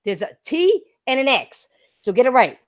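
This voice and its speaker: A woman's voice: high-pitched, very animated, moderate pace. A woman hosting a casual gaming talk stream, brash and profane, laughing hard and repeating herself. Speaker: streamer and podcast host.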